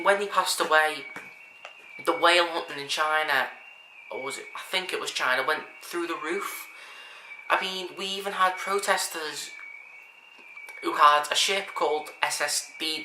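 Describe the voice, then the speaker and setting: Earnest rambling guy, echoey room. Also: on the high side. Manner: rambling, earnest, many restarts and asides. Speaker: vlogger. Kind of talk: casual monologue to camera. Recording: echoey room with faint background hiss.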